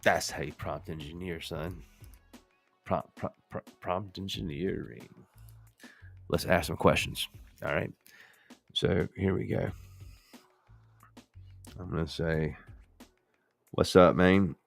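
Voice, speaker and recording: A man's voice: deep voice, steady tone, takes it slowly, vocal fry, long pauses, a bit bright, slightly rough, faint music behind. A male podcast host in a casual, playful demo chat, joking and talking to the viewers as folks.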